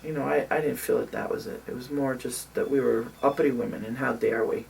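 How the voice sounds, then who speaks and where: Older woman telling a lively story. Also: very deep voice, brisk, creaky, far from the mic, a little hiss or hum. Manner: animated storytelling with many fillers. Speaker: interviewee. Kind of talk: oral history recollection.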